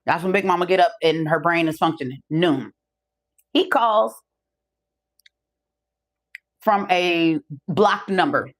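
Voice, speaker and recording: Animated, profane middle-aged woman storyteller. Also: lowish voice, slow, pauses often. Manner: animated, profane, acts out the other voices in her stories. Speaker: podcast host. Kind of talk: casual storytelling monologue.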